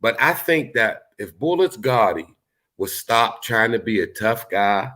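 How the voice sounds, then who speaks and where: A man's voice: on the low side, lively intonation, unhurried, bright, forceful tone. A man in casual panel talk, rambling and reflective, often adding "you know what I mean". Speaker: panel host.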